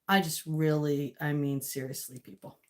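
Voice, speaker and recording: Heavy background noise surrounds a low-pitched woman speaking at a moderate pace. She vlogs while cooking at home, chattering casually to viewers and herself and laughing a lot as dishes and cutlery clink.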